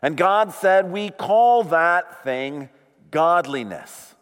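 A man preaching a sermon as pastor, slow and deliberate, leaning on key words. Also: a little high, clean tone. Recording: long hall reverb.

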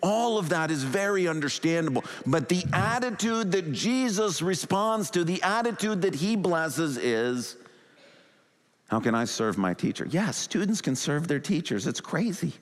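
A male pastor preaching a sermon with animated delivery, acting out quoted thoughts in a rising and falling voice. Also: high-pitched, moderate pace, hardly any pauses, in a large hall. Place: church sanctuary.

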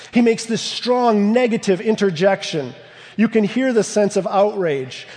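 A man preaching a sermon in a church, emphatic, slowing down to stress key words. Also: sits high, darkish tone, in a large hall. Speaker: pastor. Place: church sanctuary.

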